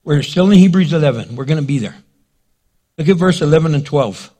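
A man's voice: fairly high pitch, lively intonation, fairly quick, mellow. A male pastor preaching a sermon in a dramatic way, acting out scenes and quotes.

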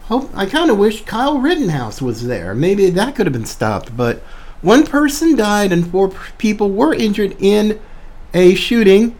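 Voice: medium pitch, sing-song, a little slow, a little mellow. A podcast host delivering an indignant opinion monologue, emphatic and repeating phrases for stress. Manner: indignant, ranting.

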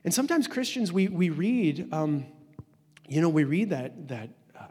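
A man in his forties preaches a sermon with an earnest, conversational delivery, slipping into a near-hush at tender moments. His voice sits a little high and has a husky edge. The sound carries the long reverb of a large hall. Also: animated, normal speed. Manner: earnest, conversational, with many "like" fillers, dropping to a hush at tender points. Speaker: pastor.

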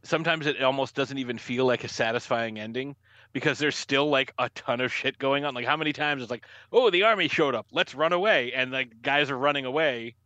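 A young man co-hosting a casual movie podcast, animated and acting out scenes in mocking voices. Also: medium pitch, fairly quick, clear, resonant tone, no room sound, lo-fi sound. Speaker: podcast co-host. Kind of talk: casual movie review chat.

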